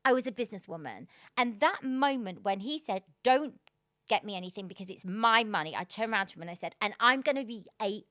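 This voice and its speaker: A woman, a podcast guest telling her story in a casual, animated way and laughing often. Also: medium pitch, a little fast, no room sound, studio quality.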